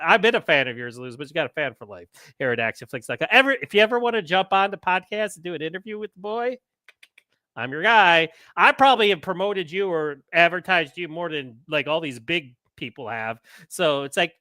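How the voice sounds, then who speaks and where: Chatty excitable man, bright dry voice. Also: on the high side, fairly quick, no echo. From United States. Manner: rambling, excitable, chatty with fillers. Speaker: podcast host. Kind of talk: casual live-stream chat.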